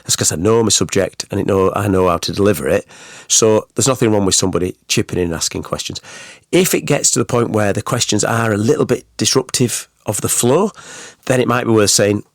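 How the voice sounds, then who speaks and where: Podcast host, man, lowish voice, casual talk full of asides, dry close sound. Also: a little fast, creaky, no room sound. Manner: chatty, rhetorical questions, many "you know"s. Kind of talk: solo advice podcast.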